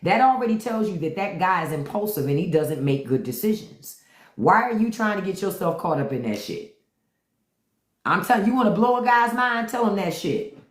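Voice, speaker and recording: A woman's voice: mid-range voice, moderate pace, reverberant. Blunt, profane woman host. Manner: blunt, profane, animated storytelling. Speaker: host of a live stream. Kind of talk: casual live-stream chat with viewers.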